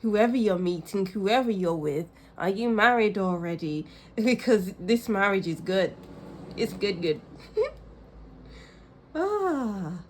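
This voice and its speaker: A woman of medium pitch speaks a little slowly over a faint hiss or hum, delivering a pick-a-card tarot reading. Talking straight to viewers, she's gushing and emotional, quick to laugh and sigh, and warmly reassuring.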